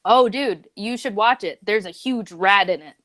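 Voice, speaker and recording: A woman's voice: mid-range voice, moderate pace, fairly bright tone. A young woman co-hosting a youth group livestream, chatting casually and reading memes aloud with lots of "like" and "dude". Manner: laid-back, lots of "like", "man" and "dude".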